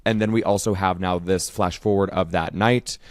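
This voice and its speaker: A man's voice: low voice, steady tone, normal speed, no room sound, studio quality. A man co-hosting a podcast, recapping an episode in casual, enthusiastic chat. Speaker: podcast co-host.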